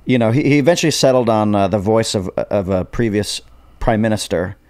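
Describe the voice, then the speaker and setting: A man's voice: on the low side, fairly quick, darkish tone, clean tone, dry recording. A man guesting on a podcast, telling stories in an easygoing way and laughing often. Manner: easygoing storyteller, laughs a lot. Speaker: guest, actor and filmmaker. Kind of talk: casual chat. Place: home studio room.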